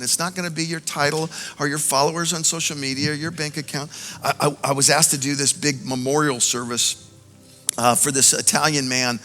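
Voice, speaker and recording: A male pastor preaching a sermon, animated, swinging between loud exhortation and quiet, intimate moments. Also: mid-range voice. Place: large church auditorium. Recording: music faintly under a long hall reverb.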